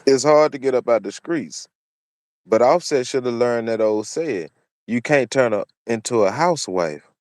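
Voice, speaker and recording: A commentary channel host speaks solo in a mid-range, somewhat dark voice, animated and at a moderate pace. He preaches his opinions and keeps repeating phrases for emphasis. The studio-quality recording has no room sound.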